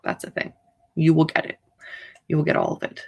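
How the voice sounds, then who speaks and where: Woman, low voice, author, casual livestream chat, chatty, rambling, playfully dramatic. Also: huge pitch swings, a little fast, creaky. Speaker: author hosting writing sprints.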